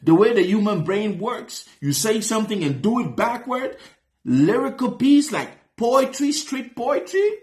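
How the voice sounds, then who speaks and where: A man hosting a reaction video, commenting casually on a rap track in a slangy, animated way, with bursts of excited shouting. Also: sits high, a little slow, echoey room.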